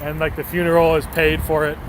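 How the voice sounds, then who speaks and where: His voice is on the high side and a little fast, with a completely flat delivery, even though he rambles and jokes, often breaking into laughter while answering viewers' messages. He's live-streaming outdoors on a city street at night, where faint traffic and street ambience can be heard.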